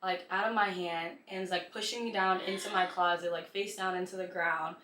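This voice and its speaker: A woman guest on a podcast telling a personal story in animated, casual conversation, full of "like.". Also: on the low side, fairly quick, slight background noise. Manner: animated retelling, heavy use of "like". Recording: echoey room.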